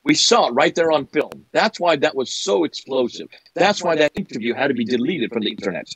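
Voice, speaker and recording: Emphatic husky older man. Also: fairly high pitch, animated, fairly quick, no echo. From United States. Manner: emphatic, repeats phrases for effect, mimics opponents. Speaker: guest speaker. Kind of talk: animated lecture-style apologetics talk.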